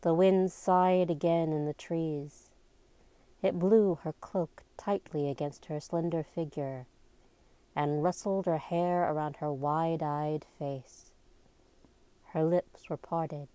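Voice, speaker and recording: A woman reading a novel aloud in a slow, even and deliberate storybook narration. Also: deep voice, clean tone, no echo. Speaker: amateur reader.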